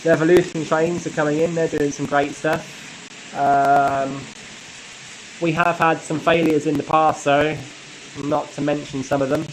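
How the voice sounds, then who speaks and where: Chatty man with a slightly high voice. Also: measured pace, a little hiss or hum, low-quality recording. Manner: relaxed and chatty, with frequent light laughs. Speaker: model railway channel host. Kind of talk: casual live stream chat answering viewer comments.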